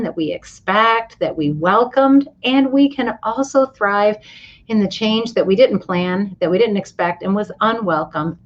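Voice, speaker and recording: Woman, livestream host, enthusiastic, chatty, motivational, slightly muffled lo-fi audio. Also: mid-range voice. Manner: enthusiastic, greets viewers by name. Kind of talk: upbeat motivational livestream talk. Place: hotel or travel location, indoors.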